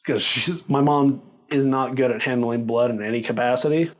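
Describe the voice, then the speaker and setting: A man casually telling a personal story, animated and full of fillers, laughing along as he goes. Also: mid-range voice, normal speed. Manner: animated, acts out quoted lines, filler-heavy.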